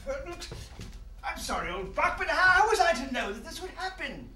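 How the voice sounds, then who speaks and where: A man's voice: extremely high pitch, sing-song, moderate pace, bright, forceful tone, a little hiss or hum, heavily acted. A man playing a hesitant, posh British prime minister in a sketch, recorded on an echoey stage from a distance. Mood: flustered.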